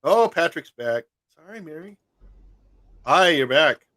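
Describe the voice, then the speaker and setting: A man's voice: a little high, lively intonation, a little slow, sharp tone, no room sound. A man chatting casually as a show host on a video call, joking and laughing often.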